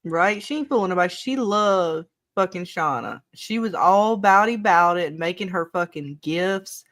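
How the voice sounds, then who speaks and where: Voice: mid-range voice, normal speed, a bit bright. A show co-host in a casual live episode discussion who talks bluntly, swears often and rambles between points.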